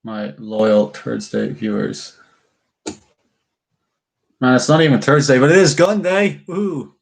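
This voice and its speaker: A young man on a relaxed livestream, talking to his chat as he works. His pitch sits in the middle of the range, and he swears casually and muses aloud in loose, chatty speech. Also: takes it slowly, gravelly. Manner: swears freely, chats with viewers while carving.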